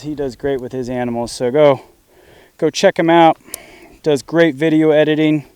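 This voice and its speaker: Out in an orchard, a homesteading vlogger talks through a do-it-yourself task, thinking out loud and addressing his dog along the way. His medium-pitched voice is a little mellow, and the recording is dry.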